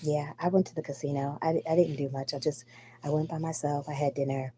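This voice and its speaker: Low-voiced woman venting bluntly while sick. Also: flat delivery, a little fast, noisy background. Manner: blunt, profane, rambling. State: sick with the flu. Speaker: live stream host. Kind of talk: casual live stream venting. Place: at home at night. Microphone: phone.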